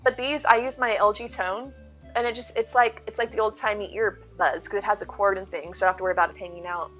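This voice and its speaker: A woman's voice: medium pitch, steady tone, fast, fairly bright tone, highs cut off, soft background music. A woman in her thirties streaming live, chatting in a rambling way, reading her chat aloud and thanking viewers.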